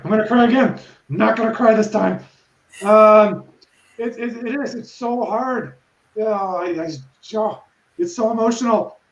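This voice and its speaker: A woman in her thirties speaking on a panel about her own experience. She talks in a halting, emotional way with many restarts. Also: mid-range voice, darkish tone. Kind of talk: personal testimony on a panel. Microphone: video call. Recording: roomy dull-sounding video call.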